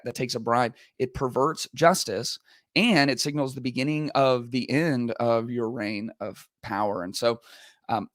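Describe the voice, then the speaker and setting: A man who hosts a podcast as a pastor talks casually about the news, loosely and with many fillers. His voice sits at an ordinary middle pitch. The sound is dry and close, with no room around it. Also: a bit bright, no echo. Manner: casual and conversational, many fillers, quotes both sides in mock voices. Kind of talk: podcast commentary monologue.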